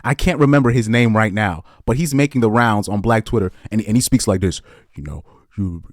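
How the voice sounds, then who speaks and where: A man shares blunt opinions in loose, rambling podcast commentary. He often restarts his sentences and chuckles between points. His voice is on the low side, and the recording is dry with no room sound. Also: fairly quick, no room sound.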